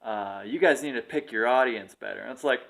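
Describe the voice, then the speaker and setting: A young man on a casual podcast, telling a workplace story with plenty of swearing and quick voices for the people in it. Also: medium pitch, gravelly, a bit bright. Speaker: podcast co-host.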